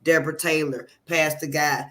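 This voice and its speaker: A woman's voice: deep voice, level tone, normal speed, bright, forceful tone, a little hiss or hum. Fervent woman giving an emotional testimony. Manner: fervent, effusive, praising God. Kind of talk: emotional testimonial on a live call.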